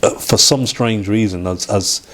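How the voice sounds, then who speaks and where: Man, fifties, slightly low voice, halting interview storytelling, restarts, acts out old conversations. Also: sharp tone. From Derby, England. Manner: halting, with restarts, reenacting past dialogue. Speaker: interview guest. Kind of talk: personal storytelling in a sit-down interview.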